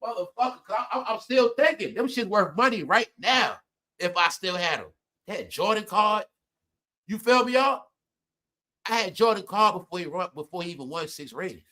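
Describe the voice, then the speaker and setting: A middle-aged man telling personal stories to his viewers in casual chat, animated and laughing often, jumping from loud outbursts to low mutters. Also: moderate pace. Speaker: live stream host.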